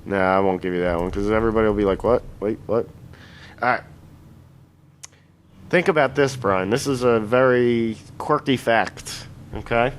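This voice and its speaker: A man's voice: on the low side, moderate pace, slight background noise. A man co-hosting a casual podcast, rambling and crude, often correcting himself mid-sentence. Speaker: podcast co-host.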